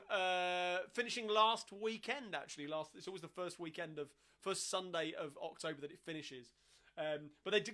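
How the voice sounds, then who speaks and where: A man hosting a live sing-along stream, chatting between songs in a rambling, filler-heavy way. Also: sits high. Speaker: sing-along host and pianist. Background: loud piano playing.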